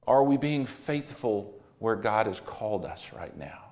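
A man's voice: on the low side, expressive, measured pace, a little mellow. A male pastor preaching a sermon, telling a personal story earnestly and repeating words for emphasis.

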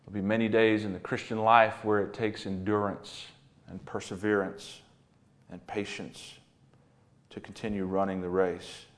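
A man's voice: fairly low pitch, level tone, moderate pace. A male pastor preaching a sermon, telling a personal story earnestly and repeating words for emphasis.

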